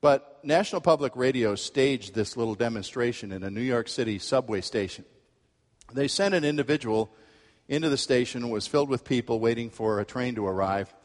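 A male pastor preaching a sermon, telling a story with lively acted-out quotes. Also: medium pitch, brisk, big-room sound. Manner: animated storytelling, acts out quoted voices.

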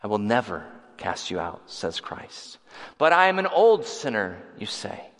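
Guy preaching slow, builds up loud on repeated lines, long hall echo. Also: on the low side, sing-song. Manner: repetitive, rising emphatic delivery. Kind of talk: sermon with closing prayer. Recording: reverberant hall.

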